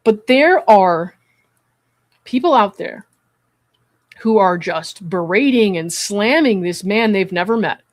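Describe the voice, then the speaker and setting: A psychiatric evaluator hosting a commentary stream, reading a call transcript aloud and then explaining their view in a measured, earnest way. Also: mid-range voice, animated, dry recording. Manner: measured and earnest, often checking in with "right?".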